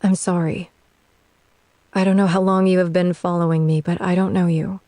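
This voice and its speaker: A man's voice: high voice, steady tone, normal speed, creaky, darkish tone, no room sound, pitched above the performer's own voice. A man reading an audiobook-style story, putting on the voice of a sarcastic, tipsy young woman who answers with biting exasperation. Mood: exasperated. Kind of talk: audiobook narration.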